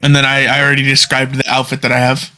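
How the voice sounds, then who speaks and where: A man's voice: medium pitch, monotone, fast talker, sharp tone, soft background music. Hesitant man describing his character. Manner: hesitant, searching for words. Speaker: player. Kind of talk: casual chat at the game table.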